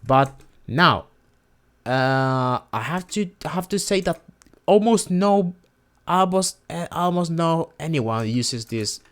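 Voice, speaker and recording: A man's voice: fairly high pitch, expressive, takes it slowly, fairly bright tone. A man whose first language is Spanish teaches a casual lesson, hesitating and repeating words to model pronunciation.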